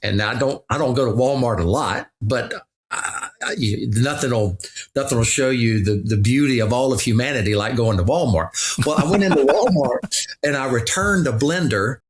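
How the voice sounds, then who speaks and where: A man's voice: mid-range voice, normal speed, slight background noise. A middle-aged man, a pastor guest on a podcast, talking earnestly and reflectively, often restarting his sentences. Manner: earnest storytelling with frequent restarts. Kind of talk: reflective conversation.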